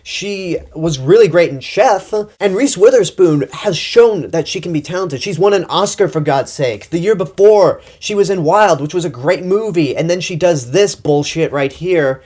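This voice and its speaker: A man's voice: high voice, animated, moderate pace, few pauses, darkish tone. A young man from Texas giving a blunt, exasperated movie review monologue and swearing freely. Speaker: film critic.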